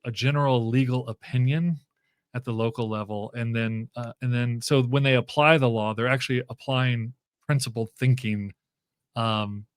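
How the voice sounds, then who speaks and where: Man, podcast guest, conversational, mid-pitched, lots of ums and restarts, dry booth-like sound. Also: steady tone, normal speed, clear, resonant tone, no room sound. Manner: loose, thinking aloud with many fillers and restarts. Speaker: guest author and professor. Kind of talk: casual interview conversation.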